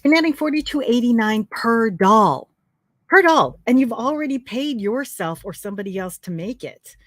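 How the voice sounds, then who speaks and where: A woman's voice: fairly high pitch, lively intonation, normal speed, no echo. Woman, live-stream host, chatty, effusive, filler-heavy, dry close sound. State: tearful, emotional. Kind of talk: casual live-stream chat.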